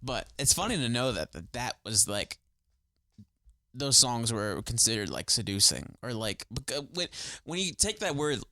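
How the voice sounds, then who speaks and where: A young man co-hosting a casual podcast, his voice bright and forward and the sound very dry. He talks with eager enthusiasm, swears freely and fills his sentences with "like." He keeps it loose and chatty. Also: medium pitch, sing-song, normal speed, dry recording. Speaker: podcast co-host. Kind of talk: casual chat.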